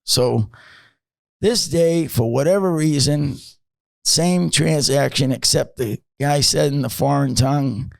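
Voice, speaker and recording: A man's voice: a little high, slow, vocal fry, darkish tone, dry recording. A man in his fifties, a podcast guest, telling his story in a rambling, casual way with many fillers and blunt swearing.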